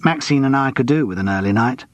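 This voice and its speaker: A man's voice: medium pitch, lively intonation, fast, close to an everyday voice. A man reading an audiobook, voicing a young male escort and out-of-work actor who talks in a breezy, cheeky, gossipy way.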